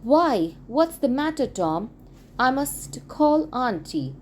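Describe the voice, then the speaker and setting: A woman's voice: sits high, very animated, slow, darkish tone, heavily acted. A woman voicing an anxious younger brother who urgently fusses over his sick sibling. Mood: worried. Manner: urgent, worried.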